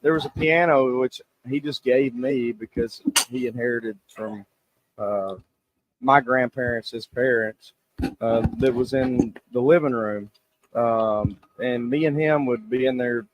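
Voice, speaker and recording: A man's voice: medium pitch, a little slow, background noise. Chatty southern man. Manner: casual, chatty, lots of fillers. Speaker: musician guest.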